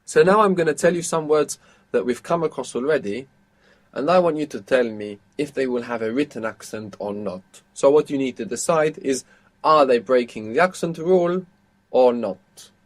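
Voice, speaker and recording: A man's voice: mid-range voice, normal speed. Patient male language teacher. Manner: patient, explains step by step. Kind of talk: audio course instruction.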